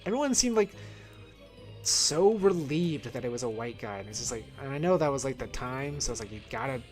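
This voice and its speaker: This headphone-wearing man has an expressive mid-range voice and talks fairly quickly while he plays a video game. A streamer who reviews films, he rambles and corrects himself as he thinks aloud over faint game music.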